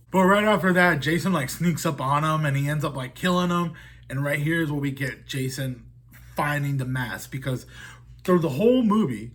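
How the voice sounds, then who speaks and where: Husky, profane man rambling through a movie recap. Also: on the high side, a bit bright. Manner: rambling, profane, heavy on fillers like "like" and "dude". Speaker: horror movie reviewer.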